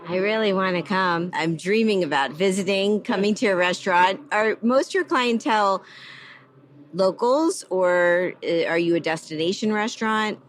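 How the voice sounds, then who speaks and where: A podcast host from Miami with an American accent, her voice at a middling pitch. She asks eager, friendly questions in a relaxed interview. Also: normal speed, slight background noise. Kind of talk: casual interview.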